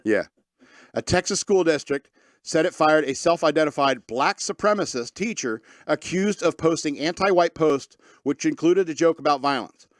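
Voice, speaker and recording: A man's voice: fairly high pitch, lively intonation, moderate pace, no room sound, studio quality. A man hosting a casual talk radio show, reading news stories aloud with sarcastic asides. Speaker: podcast host reading news.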